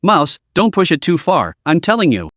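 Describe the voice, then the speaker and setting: A man voicing a hot-tempered young man who bluntly scolds his friend, his delivery lively and bright. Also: fairly high pitch, normal speed, no room sound, clean studio sound. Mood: angry. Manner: angry, blunt and demanding.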